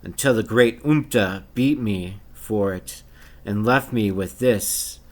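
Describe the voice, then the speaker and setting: A man's voice: lowish voice, slow pace. A man voicing an angry, scarred bugbear chief who sneers insults in a tabletop game. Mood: contemptuous. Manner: spits contempt, sneering.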